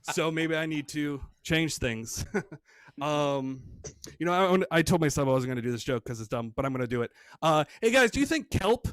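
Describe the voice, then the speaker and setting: Man, stand-up comic, dry self-mocking jokes, bouncy pitch, desk mic on a call. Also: animated, moderate pace, no echo. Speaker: stand-up comedian. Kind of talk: stand-up set over video call. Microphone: desk microphone on a video call.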